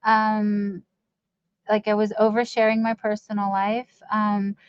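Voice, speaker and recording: A woman's voice: mid-range voice, monotone, unhurried, smooth. A woman hosting a casual live stream, rambling as she reads viewers' chat aloud and teases herself. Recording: dull lo-fi stream audio.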